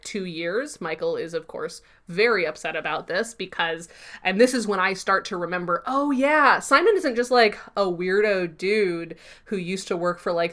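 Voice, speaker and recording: A woman co-hosting a podcast, casually retelling a TV episode in a lively, chatty way with plenty of fillers. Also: lowish voice. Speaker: podcast co-host. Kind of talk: casual episode recap chat.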